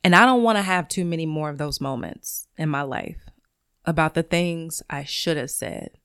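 A woman's voice: low voice, fairly bright tone, clear, resonant tone, no room sound, studio quality. A woman who is a teacher and podcast host, talking in a solo monologue in a blunt, profane and emphatic way.

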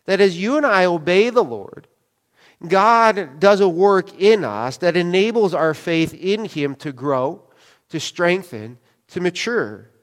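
A man's voice: sits high, expressive, takes it slowly. A man preaching a sermon as pastor, in a casual, conversational way, acting out quoted dialogue as he goes. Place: church sanctuary. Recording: long church hall reverb.

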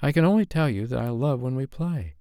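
A man's voice: mid-range voice, animated, fairly quick, warm tone, no echo, studio quality, voice pushed up, close to an everyday voice. Man voicing a pleading young woman. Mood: earnest.

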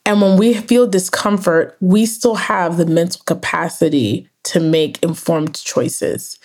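A woman's voice: on the low side, fairly even intonation, unhurried, a little mellow. A young adult woman, a therapist and author, earnestly explaining ideas in an interview and often checking in with "right?". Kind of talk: interview conversation.

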